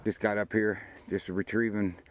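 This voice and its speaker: A man's voice: on the low side, level tone, moderate pace, a little hiss or hum, rough recording. An older man, hosting a hunting show outdoors by a field and rambling folksily about the hunt and his sponsors. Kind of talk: casual outdoor commentary.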